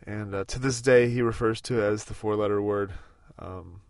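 A man's voice: lowish voice, steady tone, moderate pace, creaky, a little mellow, smooth, no room sound. Casting: man in his thirties, podcast host, casual road-trip chat, dry close sound, rambling. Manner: rambling, with many fillers and restarts.

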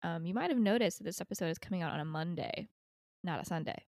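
Chatting casually and wandering off topic, this young podcast co-host laughs a lot and talks fast in an animated voice that's on the low side with a darkish tone. The studio recording is dry and clean.

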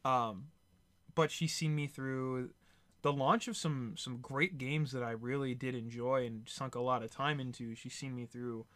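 A man hosts a relaxed podcast chat at a medium pitch. He rambles, gets excited and fills pauses with ums. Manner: excitable, rambling, frequent fillers. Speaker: podcast host.

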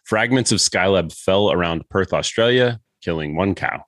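A man runs a relaxed podcast chat. His voice sits very low, and he keeps things joking and easygoing. The sound is dry and close. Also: normal speed, dry recording. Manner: laughs often, joking and loose. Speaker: podcast host. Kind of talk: casual podcast banter.

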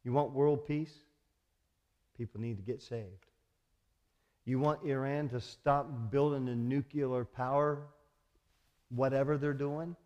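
A man's voice: mid-range voice, fairly even intonation, slow, long pauses, a little mellow, lo-fi sound. A man preaching a sermon in an earnest, conversational way, asking rhetorical questions.

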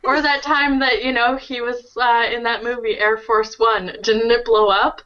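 A woman's voice: a little high, little pitch movement, unhurried, muffled recording. A woman co-hosting a casual podcast, making wry jokes. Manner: wry, joking. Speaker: podcast co-host.

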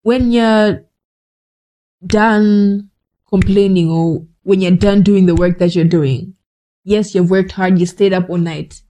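A woman's voice: medium pitch, steady tone, slow, warm tone, poor audio. A woman hosting a podcast, giving a direct, conversational motivational monologue with scolding asides. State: cold, shivering. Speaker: podcast host.

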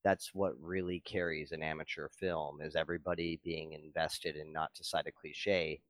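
A man hosting a podcast and interviewing, speaking in an earnest, deliberate way. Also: rumbling low, little pitch movement, no room sound. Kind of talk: casual chat.

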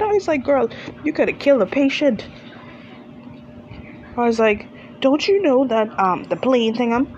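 Excitable woman recapping in a car. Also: mid-range voice. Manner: animated, gushing, laughs often. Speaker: TV episode recapper. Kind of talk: casual TV recap vlog. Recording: muffled with loud vehicle noise.

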